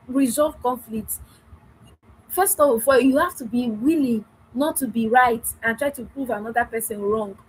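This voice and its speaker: A woman's voice: high voice, a bit bright, slightly rough, rough recording. A woman giving an earnest talk to wives about communicating in marriage, acting out small dialogues and repeating phrases. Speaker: marriage coach.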